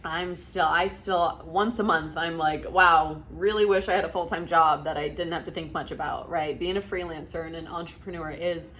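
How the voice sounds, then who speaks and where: A young woman vlogging to camera, reflecting emotionally on her business and often pausing to restart her sentences. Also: sits low, fairly even intonation, fairly bright tone, a little hiss or hum. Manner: emotional, laughing through tears, many likes and restarts. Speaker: vlogger and virtual assistant business coach. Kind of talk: casual reflective talk to camera.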